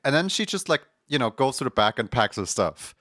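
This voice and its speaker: A man chats on stream, winding through a long plot summary with constant fillers and restarts. His voice is bright and forceful. It sits dry and close to the mic, with almost no room sound. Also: mid-range voice, sing-song, fairly quick, no room sound. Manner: rambling, many fillers and restarts. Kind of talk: casual chat, retelling a show's plot.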